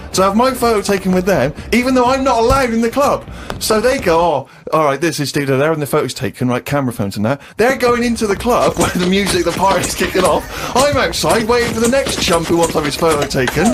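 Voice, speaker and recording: A man co-hosting a podcast, telling self-deprecating stories in a casual, animated way. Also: high-pitched, brisk, music in the background. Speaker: podcast co-host. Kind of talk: casual storytelling chat.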